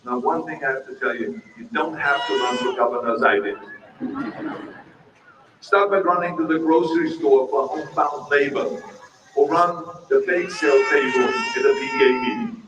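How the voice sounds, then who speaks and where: A man's voice: fairly high pitch, moderate pace. An older man with an Austrian German accent giving a humorous, emphatic keynote speech at an outdoor ceremony. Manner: humorous, emphatic, self-deprecating. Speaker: keynote speaker. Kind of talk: public speech. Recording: echoey distant public-address sound with background noise.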